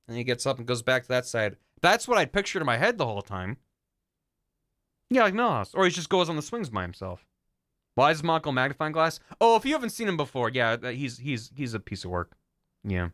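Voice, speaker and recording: A man's voice: a little high, sing-song, moderate pace, a bit bright. A man streaming a video game, joking and swearing freely as he comments on it, over game music. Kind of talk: let's-play commentary.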